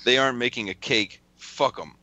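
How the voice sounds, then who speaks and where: Bright-voiced man reading texts, cursing. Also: medium pitch, normal speed, dry recording. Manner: profane, laughing often while reading. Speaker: podcast host. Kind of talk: casual chat, reading out text messages.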